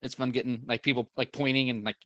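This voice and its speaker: A man's voice: mid-range voice, little pitch movement, fast talker, a bit bright, no echo, dull audio. A man telling a long story in casual chat, rambling with many fillers and restarts and the odd swear word.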